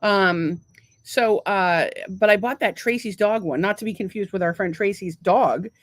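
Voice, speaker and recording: A woman's voice: mid-range voice, a little slow, dry recording. A woman co-hosting a podcast in casual chat, blunt and swearing freely. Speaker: podcast co-host.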